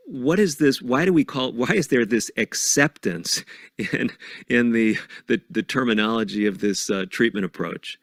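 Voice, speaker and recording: A man's voice: mid-range voice, moderate pace, fairly bright tone, dry recording, studio quality. A man interviews a guest in a loose, conversational way, searching for words as he poses his question.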